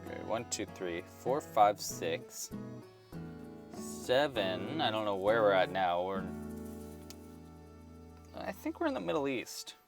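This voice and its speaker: A man's voice: fairly low pitch, big pitch swings, slow pace, pauses often, music in the background. A man hosting a casual crochet livestream, chatting loosely with many fillers and restarts and counting stitches aloud under his breath.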